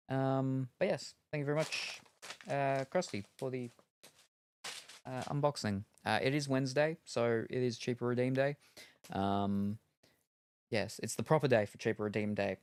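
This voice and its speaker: A man's voice: mid-range voice, normal speed, clear, resonant tone. A man streaming games, chatting casually in a rambling, self-deprecating way with lots of ums. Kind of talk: casual chat while gaming.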